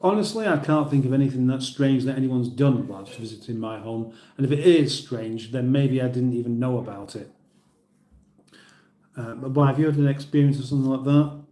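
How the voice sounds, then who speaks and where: A middle-aged man with a British accent chats loosely through a livestream. He reads viewer comments aloud, rambles, and chuckles at his own jokes. His voice is dark and mellow, and it echoes around the room he is in. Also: mid-range voice, fairly quick. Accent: British English. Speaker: livestream host. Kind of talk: casual livestream chat reading comments.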